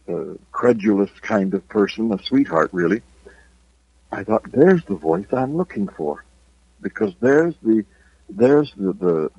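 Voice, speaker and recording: Older Irish-accented male author, husky and low-voiced, dry close sound, reflective and unhurried. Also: a little mellow, dry recording, lo-fi sound. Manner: reflective, unhurried, with hesitant pauses. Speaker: author guest. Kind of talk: interview storytelling.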